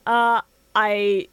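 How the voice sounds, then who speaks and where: A woman's voice: fairly high pitch, fairly bright tone, clean tone, no room sound. A woman co-hosting a podcast in casual chat, blunt and profane. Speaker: podcast co-host.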